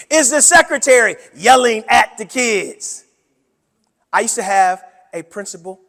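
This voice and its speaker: A man presenting a workshop to teachers, with an animated, preacher-like delivery that swings between loud and soft. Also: very high-pitched. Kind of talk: conference talk to educators. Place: conference room. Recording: hall with long reverb.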